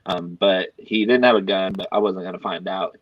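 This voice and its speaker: A man's voice: deep voice, normal speed, dry recording. A man casually telling a long, rambling story to friends, acting out the quotes. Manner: rambling, animated anecdote with acted quotes. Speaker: podcast co-host. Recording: dry, dull lo-fi sound.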